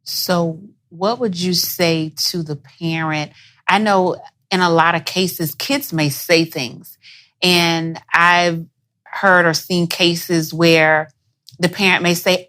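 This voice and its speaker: A woman hosting an interview, asking careful questions in a slow, measured way. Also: fairly low pitch, steady tone, a bit bright. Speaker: host.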